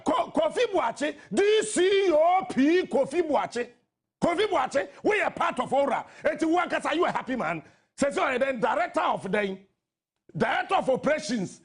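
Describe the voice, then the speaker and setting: A man with a Ghanaian accent hosting a radio talk show, delivering impassioned political commentary that mixes English and Twi, often shouting. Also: extremely high pitch, breathy edge. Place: radio studio.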